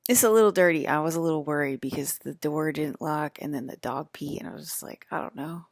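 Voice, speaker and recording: A woman's voice: deep voice, a little fast, no echo. A woman, a mother, rambling casually to her audience from a hotel room, often restarting her sentences. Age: adult with children. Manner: chatty, wandering, restarts mid-sentence. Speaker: vlogger.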